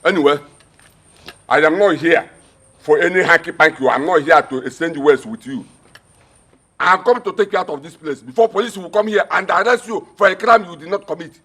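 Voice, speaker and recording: A man's voice: on the high side, brisk, fairly bright tone, husky. An actor playing a scornful, scheming relative with a Nigerian accent, mocking and ordering her out. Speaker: relative urging her to leave. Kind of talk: Nollywood film acting.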